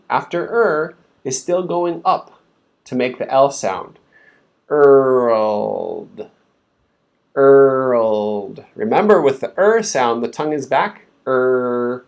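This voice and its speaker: A man's voice: a little high, expressive, measured pace. A man teaching English pronunciation in a live stream, patiently breaking words into sounds and repeating them for learners to copy.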